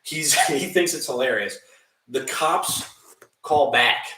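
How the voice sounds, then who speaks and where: A young man co-hosting a podcast, telling a story casually, animated and swearing, often laughing and acting out other people's voices. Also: medium pitch, slow, roomy sound, recorded from a distance, a little hiss or hum, poor audio. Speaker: podcast co-host.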